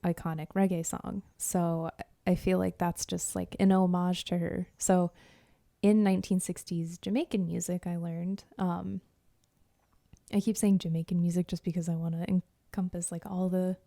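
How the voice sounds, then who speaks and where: A woman co-hosting a casual podcast, chatty and enthusiastic, filling her talk with "like" and "um". Her voice sits a little low and sounds mellow and warm. It is recorded close and dry, with no room around it. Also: flat delivery, moderate pace, vocal fry, no room sound. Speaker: podcast co-host.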